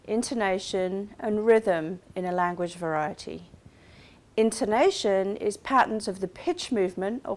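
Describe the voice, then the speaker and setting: A woman delivers a recorded university course lecture. She speaks clearly and steadily in a mid-range voice, explaining ideas step by step with the odd restart. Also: medium pitch.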